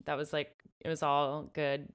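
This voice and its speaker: A woman's voice: low-pitched, completely flat delivery, measured pace, clear, resonant tone. A woman co-hosting a podcast, chatting animatedly about a book and its film, full of "like" fillers. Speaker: podcast co-host. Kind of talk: casual book-and-film discussion.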